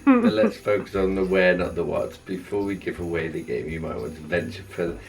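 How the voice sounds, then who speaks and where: A man's voice: low-pitched, big pitch swings, a little fast, distant mic, soft background music, low-quality recording. A man chatting casually and playfully in a home vlog, reading a riddle aloud. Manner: playful, reads a clue aloud. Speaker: vlog co-host. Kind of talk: casual chat.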